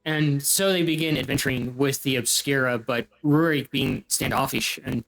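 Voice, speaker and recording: A man narrating as game master of a tabletop game, pausing often with fillers. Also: medium pitch, creaky, a bit bright, poor audio. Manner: halting, many fillers.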